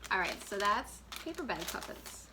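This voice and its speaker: A woman's voice: medium pitch, very animated, normal speed, heavy background noise. A woman working as a children's librarian, giving a casual, chatty craft tutorial and laughing often. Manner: chatty, giggly, full of fillers.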